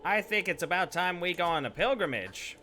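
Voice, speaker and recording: A man's voice: high-pitched, sing-song, fairly quick, loud music behind the voice. A young man giving rambling, casual live gameplay commentary, swearing freely and chatting with viewers. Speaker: Twitch streamer.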